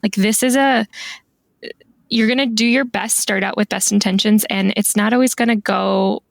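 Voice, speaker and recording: A woman guest on a podcast talking in a casual, thoughtful way with many "like" fillers, with a slightly rough morning voice. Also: mid-range voice, fairly even intonation, moderate pace, dry recording. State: morning voice, clearing throat. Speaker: guest stationery calligrapher.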